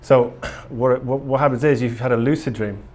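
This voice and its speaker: A man's voice: mid-range voice, steady tone, normal speed, darkish tone. A man giving a casual conference talk to a live audience in a conference room, earnest and rambling, with frequent ums and restarts. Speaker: conference speaker.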